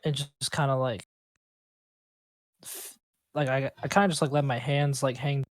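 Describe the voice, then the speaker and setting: A man's voice: medium pitch, level tone, normal speed, no echo. A man playing in a tabletop game, describing his actions in a rambling, casual way full of "like". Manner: rambling, lots of "like". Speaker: player. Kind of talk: casual play chat.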